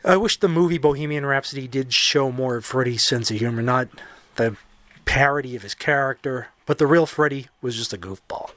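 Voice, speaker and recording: A man's voice: mid-range voice, brisk, a bit bright, no echo. A man hosting a solo podcast, talking casually with opinionated, jokey asides. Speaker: podcast host.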